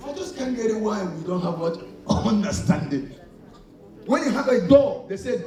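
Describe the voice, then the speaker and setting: This preacher has a high voice and talks a little fast with lively intonation, inviting the crowd to supply missing words as he goes. Acting out brief scenes, he shifts from loud to soft. The mic is far away in a very echoey hall, and faint music plays behind him.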